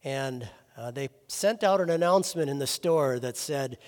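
A man preaching a sermon as pastor, earnest, swinging between loud stressed words and soft low phrases. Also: animated, normal speed, long reverb tail.

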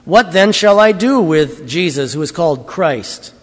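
A man's voice: fairly high pitch, lively intonation, unhurried, big-room sound. Man reading as a stern Roman governor. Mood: questioning.

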